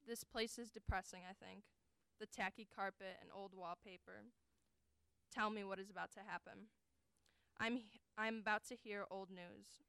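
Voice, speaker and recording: A young adult woman giving an earnest, deliberate dramatic reading of first-person prose as a college forensics performer. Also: mid-range voice, fairly bright tone, clear, resonant tone, dry recording. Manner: earnest, deliberate, emotionally weighted delivery.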